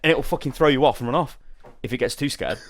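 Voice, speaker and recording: A man hosting a casual podcast, telling a rambling, animated story and swearing freely. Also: mid-range voice, fast talker. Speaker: podcast host. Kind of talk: casual chat.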